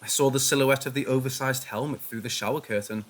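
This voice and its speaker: A man narrates a first-person horror story in a hushed, tense manner. His voice sits at a middle pitch for a man. He reads it as a scripted telling. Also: fairly even intonation, quick pace.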